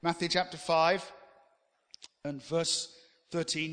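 Man preaching, animated, loud to soft swings, higher voice, long hall reverb. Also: unhurried. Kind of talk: sermon.

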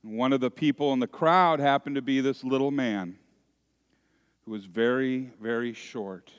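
A pastor preaching a sermon, telling a story dramatically and dropping at times to a hushed voice. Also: male voice, mid-range voice, clear, resonant tone, muffled recording. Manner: slow, dramatic storytelling that swings from loud to hushed. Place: church sanctuary. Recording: long reverb of a church hall.

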